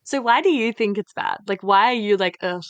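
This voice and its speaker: A woman's voice: mid-range voice, fairly quick, clear, resonant tone, no room sound, muffled recording. A woman hosting a podcast in casual chat, blunt and frank, swearing freely and using lots of fillers. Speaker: podcast host.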